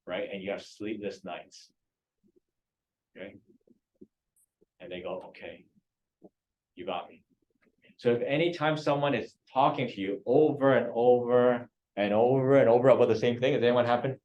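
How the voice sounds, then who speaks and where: A man's voice: mid-range voice, darkish tone, lo-fi sound. A man leading a real estate training class, quizzing students and coaxing answers. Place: training room.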